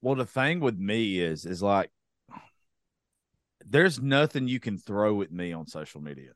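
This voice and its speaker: A man's voice: on the low side, big pitch swings, measured pace, no echo, clean studio sound. A young man hosting a podcast, talking bluntly in a casual, profane rant. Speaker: podcast host.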